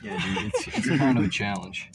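A man's voice: fairly low pitch, lively intonation, a little fast. A young man joking around in laid-back banter with friends. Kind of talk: casual chat while smoking. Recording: noisy background.

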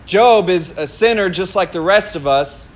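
A man's voice: sits high, normal speed. A male pastor preaching a sermon, telling a personal story with laughter and acted-out quotes. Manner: animated, laughing at himself, acts out his own past words.

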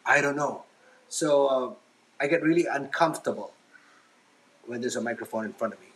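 An adult father talks at a moderate pace in a medium-pitched, slightly bright voice while hosting a casual solo podcast and washing dishes in his kitchen. He comes across as hesitant and self-conscious, with many ums and restarts. Slight background noise is audible in the low-quality recording.

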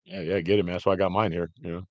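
A man hosting a podcast, chatting casually and telling stories in a lively way, with frequent fillers like "man" and "you know". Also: rapid-fire, dry recording, lo-fi sound. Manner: animated storyteller, jumps high to act out women in anecdotes. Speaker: podcast host. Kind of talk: casual chat.

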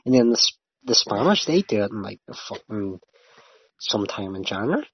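A young man with a husky, slightly low voice rambles through a casual chat, swearing freely. His talk is animated and loose. The sound is dull and lo-fi. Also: a little fast, no echo.

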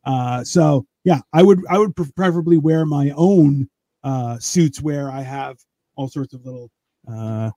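A man chatting casually on a podcast, rambling with halting restarts and crude jokes. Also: on the high side, warm tone, dry recording. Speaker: podcast guest. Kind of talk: casual chat.

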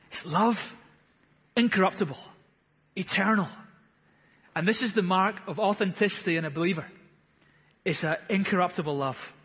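A man's voice: high voice, a bit bright, husky, big-room sound. A man, preaching a sermon, earnest and building to fervent emphasis. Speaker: pastor.

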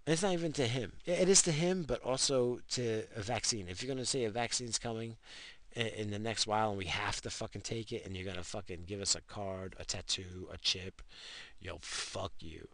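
A man's voice: lowish voice, a little fast, a bit bright, dry recording. A man in his thirties giving a profane, rambling late-night rant after drinking, talking about his wife and kids. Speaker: vlogger ranting to camera.

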